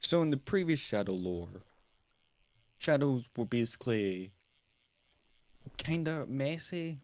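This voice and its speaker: A man's voice: medium pitch, lively intonation, slow pace, a little mellow, no room sound. A British man chatting casually on a stream, rambling and laughing at himself as he explains a fan series he voices. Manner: rambling, self-mocking, laughs often. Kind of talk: casual chat while streaming.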